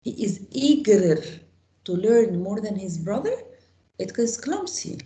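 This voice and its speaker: A woman's voice: mid-range voice, sing-song, slow, dark tone, roomy sound, low-quality recording. A woman teaching an English grammar lesson to a class, explaining step by step and asking the students questions.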